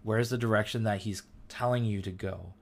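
A man's voice: on the low side, fairly even intonation, moderate pace, gravelly. A middle-aged man hosting a casual faith talk, speaking earnestly and with feeling, using loose everyday slang. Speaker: host.

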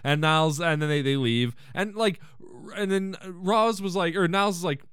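A man hosting a podcast, casually recapping an episode in a joking, animated way with the odd swear and laugh. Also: on the high side, a little fast, clean tone, no room sound, clean studio sound. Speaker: podcast host.

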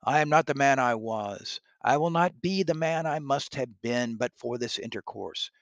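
A man's voice: medium pitch, moderate pace, creaky, dry recording, lightly acted. A man voicing a frightened old miser who pleads and cries out in a strained, rising voice. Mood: desperate pleading.

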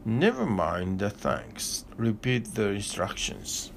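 A man voicing a gruff, brusque traveler from Berlin who barks out directions and orders. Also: on the low side, sing-song, slow, a little hiss or hum, exaggerated voice. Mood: impatient. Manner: curt, barking orders.

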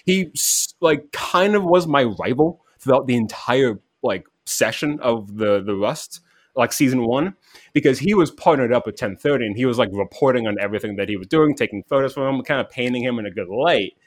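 A man's voice: medium pitch, animated, fairly quick, dry recording. A man telling a rambling, casual story about an online game, full of "like" fillers, acting out quoted voices. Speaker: podcast guest.

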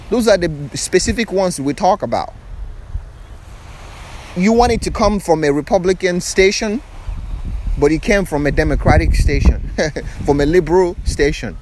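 A man speaks outdoors on a beach, delivering a preachy spiritual talk in a voice a touch higher than most men. He keeps circling back with repeated rhetorical questions. A faint hum of boats carries in the background. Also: animated, normal speed, a little mellow. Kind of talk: motivational spiritual monologue.

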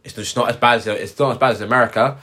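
Talking very fast in a mid-range voice, this podcast co-host spins animated stories during a casual conversation. Slang runs all through his speech.

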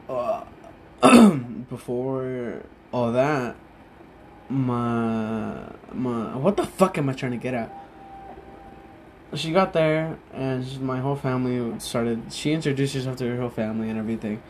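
A drunk young man talking in a casual, rambling monologue, halting often, losing his thread and swearing freely. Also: mid-range voice, a little hiss or hum.

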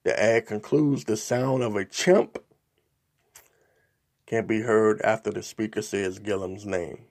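A man with a low, gravelly voice delivers political commentary on his podcast. He reads news reports aloud at an unhurried pace and keeps stopping for his own asides. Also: steady tone, darkish tone. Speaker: podcast host.

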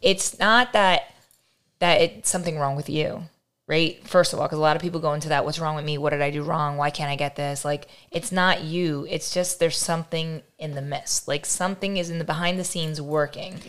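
Woman, 30s, low voice, podcast co-host, casual faith talk, animated. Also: normal speed. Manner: animated, often tags sentences with "right?". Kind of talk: casual faith-based chat.

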